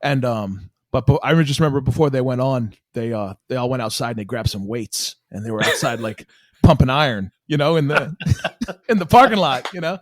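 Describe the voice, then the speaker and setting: Man, guest band member, chatty storyteller who laughs a lot, mid pitch, dry mic. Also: fairly quick, no room sound. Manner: laughs often while telling stories. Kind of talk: casual storytelling.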